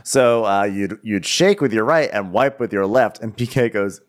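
A man's voice: normal speed, hardly any pauses. A man co-hosting a comedic reality-TV recap, giggly and mimicking the cast. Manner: giggly, mimics the cast in high squealing voices. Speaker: podcast co-host.

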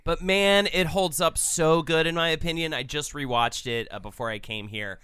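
An enthusiastic male podcast host chatting casually, piling on restarts as the excitement runs ahead of his words. His voice is bright, smooth and crisp. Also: fairly high pitch, normal speed, no echo. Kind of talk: casual chat.

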